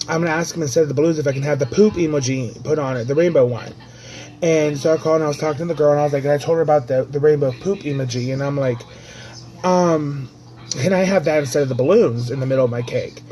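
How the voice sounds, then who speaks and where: A man's voice: on the high side, darkish tone, poor audio. Chatty man rambling through a story. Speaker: vlogger. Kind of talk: casual personal vlog.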